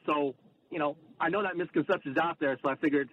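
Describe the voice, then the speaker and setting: A man's voice: on the high side, a bit bright. A man calling in to a radio show, speaking earnestly and a little hesitantly. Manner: measured, earnest, a bit hesitant. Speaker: caller, anesthesiologist. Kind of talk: phone-in call to a radio show. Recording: muffled phone line with faint noise.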